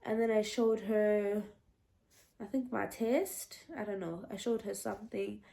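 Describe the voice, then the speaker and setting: A woman's voice: medium pitch, fairly even intonation, a little slow, gravelly, warm tone. A young woman telling a casual storytime vlog, chatty and meandering, often restarting and laughing. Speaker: vlogger.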